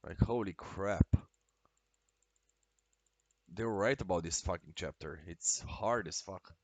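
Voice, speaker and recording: A man streaming a video game, talking casually and excitably with lots of swearing and exclamations. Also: deep voice, slow pace, dry recording. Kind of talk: casual live-stream commentary while playing.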